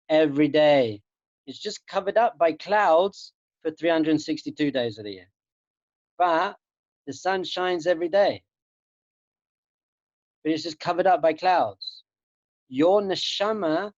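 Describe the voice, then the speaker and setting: A man's voice: fairly high pitch, darkish tone, dry recording. A man, a rabbi teaching students in an earnest, emphatic spiritual talk, often repeating his key phrases, heard over a video call. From England. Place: home room in Jerusalem. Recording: dull lo-fi online call audio.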